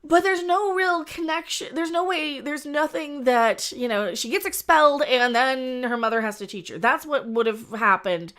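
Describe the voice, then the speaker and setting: A woman with a somewhat high-pitched voice talks casually on her live stream. She rambles, restarts her sentences and gives strong opinions as she reviews. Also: normal speed, few pauses, a bit bright. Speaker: host.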